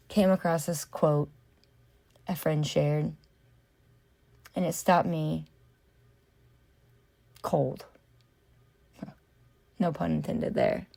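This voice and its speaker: A woman's voice: lowish voice, creaky, a little mellow. A woman hosting a reflective solo podcast, speaking earnestly and heartfelt, addressing her listeners as friends. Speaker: podcast host.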